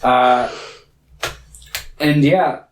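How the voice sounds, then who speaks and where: A man's voice: medium pitch, very slow, reverberant, a little hiss or hum, low-quality recording. A man co-hosting a podcast, recapping a movie in a rambling, laid-back chat. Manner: rambling, laid-back, lots of filler words. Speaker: podcast co-host.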